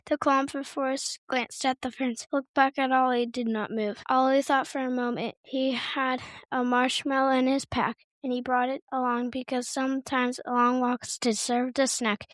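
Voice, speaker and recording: A woman narrating a children's storybook in a steady, unhurried reading voice with small stumbles. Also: high-pitched, dry recording.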